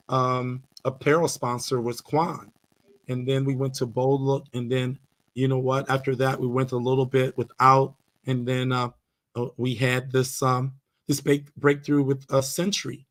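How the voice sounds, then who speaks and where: A man, a karate instructor, talking as a guest on a podcast, telling stories earnestly with many fillers and restarts. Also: mid-range voice. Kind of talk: casual storytelling interview.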